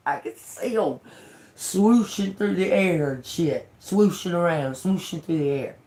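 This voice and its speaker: A woman's voice: medium pitch, lively intonation, normal speed, a little mellow. A woman hosting a tarot livestream who tells a personal story casually. She talks frankly, swears a lot, repeats phrases and breaks into laughter often. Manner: drawling, repeats herself. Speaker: tarot reader livestream host.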